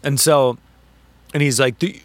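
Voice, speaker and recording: A man co-hosting a podcast, telling a story in casual chat, animated and full of swearing and quoted back-and-forth. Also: medium pitch, unhurried, no room sound. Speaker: podcast co-host.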